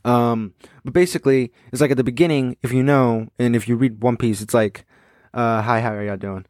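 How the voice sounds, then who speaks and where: A man's voice: medium pitch, moderate pace, darkish tone, dry recording, studio quality. A young man reading a manga chapter aloud in a casual, rambling way, stumbling over names and adding his own comments.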